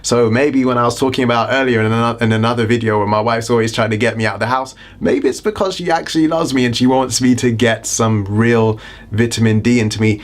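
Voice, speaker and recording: A man's voice: mid-range voice, quick pace. This is a British man hosting his own wellness vlog and talking straight to the camera. He is chatty and keeps breaking off for jokey, self-deprecating asides before getting back to explaining things. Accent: British English. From Britain. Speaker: wellness vlogger.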